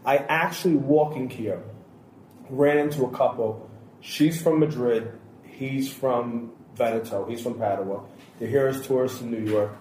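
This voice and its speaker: A man's voice: mid-range voice, measured pace, darkish tone. A man co-hosting a podcast, telling long anecdotes and quoting what others said, in a casual roundtable chat. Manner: storytelling, long anecdotes with quoted dialogue. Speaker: podcast co-host. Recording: roomy echo, faint background hiss.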